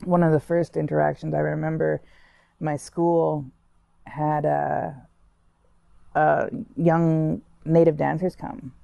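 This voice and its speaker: A woman's voice: low voice, little pitch movement, slow pace, creaky, mellow, dry recording, highs cut off. A woman candidly telling her own life story in a conversational way, full of restarts and "like". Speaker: interviewee sharing her story. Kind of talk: personal storytelling.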